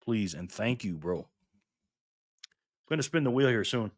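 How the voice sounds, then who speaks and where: A man's voice: fairly low pitch, expressive, moderate pace, dry recording, studio quality. A man from Rochester, New York, hosting a live stream and chatting casually with viewers, greeting them by name as he reads their comments aloud. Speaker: livestream host.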